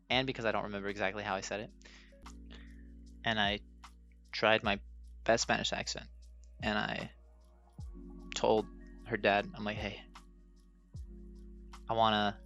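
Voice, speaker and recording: A man's voice: fairly low pitch, pushed and bright. A young man hosting a podcast, telling personal stories in a rambling, self-mocking way and laughing often. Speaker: podcast host. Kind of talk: casual personal storytelling. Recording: dull lo-fi sound with faint music.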